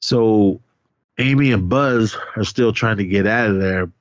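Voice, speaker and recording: A man's voice: fairly low pitch, unhurried, no room sound, dull audio. A man casually recapping a film on a podcast, rambling along and acting out the characters' cries and curses. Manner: rambling, animated retelling with voiced reactions and cursing. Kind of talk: casual chat.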